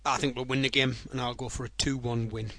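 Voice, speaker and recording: A man's voice: medium pitch, level tone, quick pace, a bit bright, no room sound. A man hosting a casual football podcast, telling jokes and stories in a rambling way. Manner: rambling, jokey storyteller. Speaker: podcast host.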